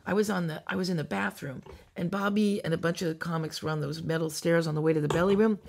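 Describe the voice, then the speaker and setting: Gravelly low-ish woman, comic telling stories in a casual chat, acts out quotes. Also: fast. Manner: animated anecdotes with acted-out quotes. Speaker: guest comedian.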